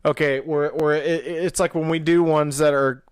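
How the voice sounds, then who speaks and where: A man's voice: fairly high pitch, steady tone, normal speed, smooth, no echo, studio quality. A man co-hosting a casual movie review chat, rambling with many restarts and fillers. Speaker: podcast co-host.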